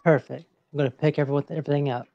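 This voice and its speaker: A player in a casual tabletop game, talking in a deadpan way. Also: medium pitch, very fast, no echo, muffled recording. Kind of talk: casual tabletop role-play.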